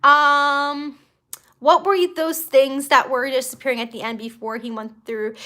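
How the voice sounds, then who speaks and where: A young woman hosting a casual live stream from home, chatty and excitable, full of fillers and restarts. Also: high voice, unhurried. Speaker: YouTube host of a live stream.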